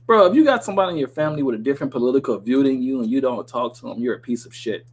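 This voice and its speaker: A man's voice: mid-range voice, expressive, very fast, slightly rough, rough recording. Profane, sarcastic man reading a script. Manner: profane, sarcastic running commentary. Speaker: podcast host reading a script aloud. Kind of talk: casual commentary reading a script.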